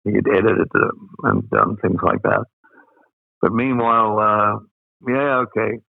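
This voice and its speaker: An older man with an Australian accent, telling stories as an interview guest, rambling with many pauses and fillers. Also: lowish voice, steady tone, vocal fry, no room sound. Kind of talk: anecdotal storytelling. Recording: dry, phone-like sound.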